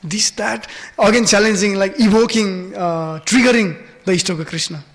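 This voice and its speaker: A man's voice: high-pitched, a little fast. A man giving a devotional scripture class in a temple hall, telling stories with many fillers and acting out the voices.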